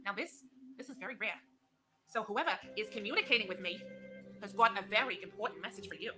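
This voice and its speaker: A woman's voice: medium pitch, expressive, fast, music in the background. A woman playing a theatrical fake psychic who talks patronizingly and keeps calling her client honey. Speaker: comedic psychic.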